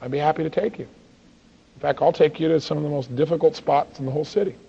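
A man telling a personal story in a motivational talk, acting out the dialogue with lively energy. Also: fairly high pitch, fast talker, gravelly, breathy edge. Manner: animated, acts out dialogue in his stories. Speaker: seminar speaker. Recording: dull lo-fi recording.

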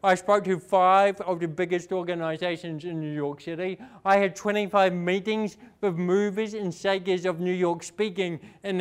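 A young man from New Zealand with a New Zealand accent, giving a fast, emphatic motivational talk and asking the audience questions. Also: high voice, smooth. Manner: fast-talking, rising and falling for emphasis, asks the audience questions. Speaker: inspirational speaker. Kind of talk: motivational speech.

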